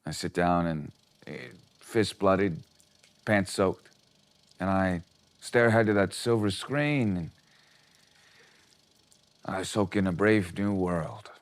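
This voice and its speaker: A man's voice: deep voice, slow, pauses often. An actor playing a rambling old man who tells tall stories about going to the cinema. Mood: deadpan. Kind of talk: comedy sketch acting.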